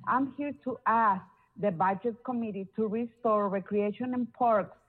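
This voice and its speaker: Woman caller, earnest, halting delivery, tinny phone sound. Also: medium pitch. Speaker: public caller. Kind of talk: public comment by phone. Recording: phone line.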